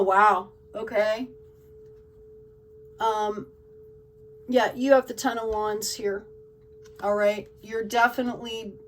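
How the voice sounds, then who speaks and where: A woman's voice: mid-range voice, distant mic, background noise. A woman giving a tarot card reading to her viewers in an emotional, gushing way, often checking in with "okay?". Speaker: tarot reader.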